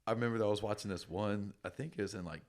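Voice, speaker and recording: A podcast co-host with a lowish voice talks rapid-fire in a casual chat, spinning rambling stories and swearing a lot.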